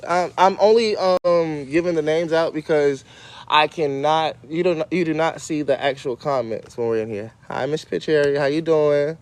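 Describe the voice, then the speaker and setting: A man's voice: on the high side, normal speed. A man hosting a casual livestream, rambling and cursing as he talks straight to his viewers. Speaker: livestream host.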